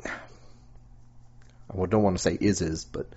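A man's voice: low-pitched, steady tone, unhurried, dark tone, breathy edge. A man co-hosting a skeptic podcast in casual chat, joking, laughing often and swearing when he trips over his words. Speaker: podcast co-host. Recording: dull lo-fi podcast audio.

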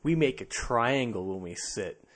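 A man's voice: mid-range voice, animated, unhurried. A man hosting a skeptic podcast, chatting casually and joking with laughter. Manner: jokey, laughs often, playful. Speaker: podcast host.

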